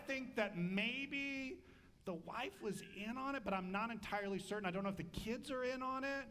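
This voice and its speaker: A man preaching a sermon as pastor, animated and humorous, acting out voices. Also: extremely high pitch, moderate pace.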